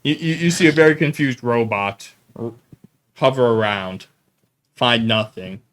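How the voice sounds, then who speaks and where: A man narrating as game master of a tabletop role-playing game, playful and quick with asides. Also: mid-range voice, a bit bright.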